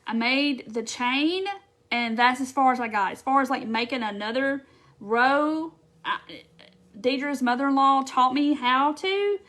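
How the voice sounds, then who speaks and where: A chatty woman, talking to her viewers on a casual craft live stream. Her voice sits a little high, and she keeps things bubbly and loose, full of "um"s and quick asides. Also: fairly bright tone. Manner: chatty and bubbly, with frequent fillers and quoted asides.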